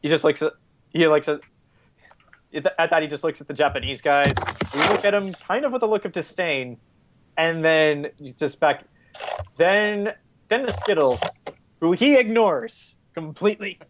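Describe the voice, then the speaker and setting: Guy running a tabletop game, slightly high voice, laid-back and rambling. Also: a little slow, a little hiss or hum. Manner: casual, laughing narration with restarts. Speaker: game master.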